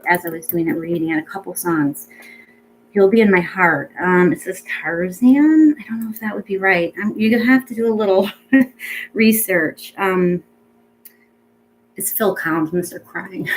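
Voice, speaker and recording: A woman speaking as a pet psychic medium in a casual reading, chatty and rambling with many ums, gentle and reassuring. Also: medium pitch, a little hiss or hum, low-quality recording.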